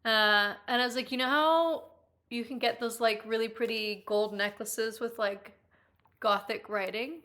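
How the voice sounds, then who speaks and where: A young Irish woman hosting a live stream, chatting casually with viewers and reading their comments, giggling often, swearing freely and squealing when she gets excited. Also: fairly high pitch, measured pace. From Ireland.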